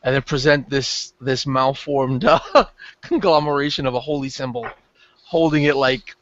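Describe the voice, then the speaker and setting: A man's voice: mid-range voice, expressive, normal speed, fairly bright tone, dry recording. A man playing a tabletop game, describing his moves hesitantly. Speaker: player. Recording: dry, muffled lo-fi audio.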